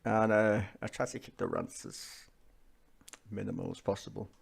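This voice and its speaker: A man's voice: on the low side, fairly even intonation, moderate pace, creaky, breathy edge. A man with a Liverpool accent, a streamer ranting angrily and swearing bluntly as he reacts to parliament. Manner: sweary, blunt, angry rant. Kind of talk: ranting commentary.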